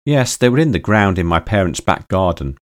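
A man's voice: low voice, very animated, a little fast. A man reading aloud, voicing a sceptical young woman who smokes and talks bluntly and sarcastically. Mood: puzzled.

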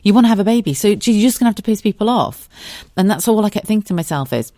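A woman's voice: medium pitch, expressive, quick pace, warm tone, dry recording, studio quality. A woman hosting a podcast, telling her own story in a frank, sweary, conversational way. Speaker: podcast host. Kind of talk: candid personal monologue.

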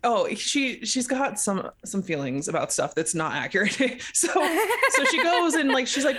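Woman, casual chat, lively storytelling, acts out lines, laughs a lot, very expressive pitch. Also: normal speed, hardly any pauses. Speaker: podcast co-host recapping a book.

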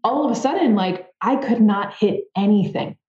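A woman guest on a podcast, telling a story in a casual, animated way with a lot of "like". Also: medium pitch, moderate pace, reverberant, highs cut off. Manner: animated, fillers with "like", acts out her own thoughts. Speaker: podcast guest, former softball player.

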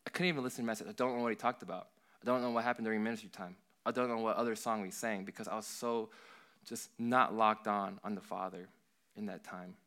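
Earnest young man with a bright, clear voice. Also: on the low side, fairly even intonation, quick pace. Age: young adult. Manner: earnest, rambling, heavy use of "like". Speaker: worship leader giving a talk. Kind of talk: casual youth sermon.

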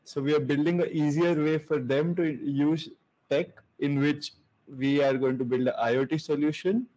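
Casting note: young man from India, slightly high voice, muffled lo-fi video-call line. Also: fairly even intonation, normal speed, mellow. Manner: laid-back, laughs often, searches for words. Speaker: guest entrepreneur. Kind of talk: casual video-call interview.

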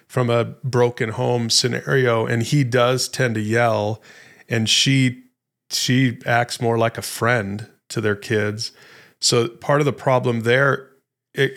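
A man's voice: mid-range voice, a bit bright. A middle-aged man speaks conversationally on a podcast. His mid-range voice restarts often as he works through a thought. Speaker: podcast co-host, interviewer. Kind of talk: casual podcast talk.

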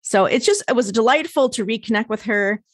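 A woman's voice: fairly high pitch, lively intonation, fairly quick, no echo, clean studio sound. An American woman hosting a podcast interview, chatty and casual, laughing often and swearing freely. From United States. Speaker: podcast host.

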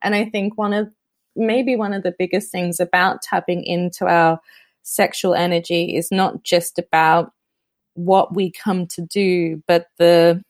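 A woman's voice: fairly low pitch, steady tone, a little slow, dry recording, clean studio sound. A woman hosting a podcast, speaking reflectively in a casual conversation and laughing often. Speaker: podcast host.

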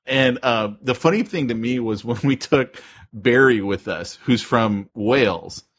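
A man with a husky, slightly breathy voice telling anecdotes in easy podcast chat, often breaking into laughter. The audio is dull and lo-fi. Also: medium pitch, a bit bright. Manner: laughing storyteller, quick asides. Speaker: podcast co-host. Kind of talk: casual chat, storytelling.

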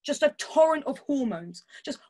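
A woman's voice: high voice, animated, moderate pace, a little mellow. A woman chatting candidly as a podcast guest, laughing often and swearing casually. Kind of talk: casual chat.

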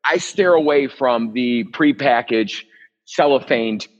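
Joking, chatty chef, muffled audio. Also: male voice, mid-range voice, slow. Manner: joking, chatty, rambling asides. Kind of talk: live online cooking demo.

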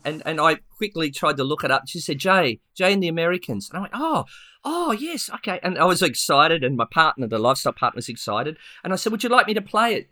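A man co-hosting a podcast, telling a story in a lively, casual way with many restarts and acted-out quotes. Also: a little high, no echo, clean studio sound. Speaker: podcast co-host.

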